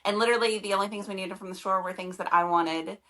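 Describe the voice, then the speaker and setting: A woman's voice: mid-range voice, fairly even intonation, fast, pushed and bright. A young woman co-hosts a podcast in easy, casual conversation. She tells her stories eagerly and gushes about them. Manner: enthusiastic, gushing storyteller. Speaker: podcast co-host, professor. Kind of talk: casual chat.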